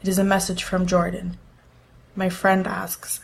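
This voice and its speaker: A woman narrating a first-person story in a measured, tense way. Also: lowish voice, monotone, vocal fry, a little hiss or hum.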